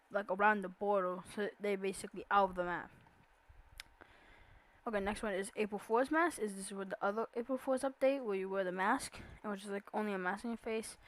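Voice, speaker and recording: A woman's voice: mid-range voice, fairly bright tone. A young woman giving a casual voice-over about a video game, rambling with lots of fillers and restarts. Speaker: YouTuber explaining a game iceberg.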